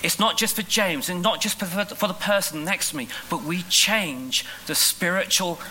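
A man preaching a sermon in an animated, emphatic way, rushing through asides and slowing down on key lines. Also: high-pitched, a little hiss or hum, poor audio. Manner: animated, emphatic, shifts between quick asides and slow stressed lines. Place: school hall.

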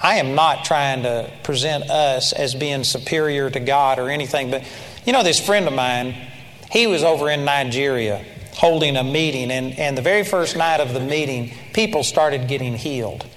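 A man's voice: medium pitch, normal speed, a bit bright. A man preaching a sermon in an emphatic way, sometimes mimicking timid, pleading prayers. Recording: long hall reverb.

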